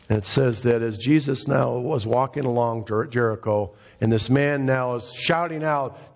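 A middle-aged man preaching a fervent sermon, his voice climbing to high, emphatic peaks. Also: normal speed, few pauses, muffled recording. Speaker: pastor.

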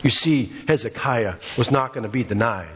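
A man's voice: mid-range voice, normal speed, a bit bright, lo-fi sound, slight background noise. A man preaching a sermon with passion, acting out the voices of the people in his story. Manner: impassioned, acts out quoted voices.

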